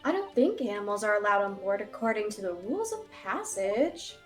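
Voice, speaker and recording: A woman's voice: medium pitch, big pitch swings, a little fast, faint music behind, lightly acted. A woman voicing a polite, earnest young woman assistant while playing a video game.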